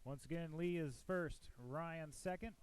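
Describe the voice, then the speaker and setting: A man's voice: a little high, unhurried, clean tone. A man announcing race results and podium finishers at a live event, joking between names. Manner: joking, relaxed emcee calling out winners.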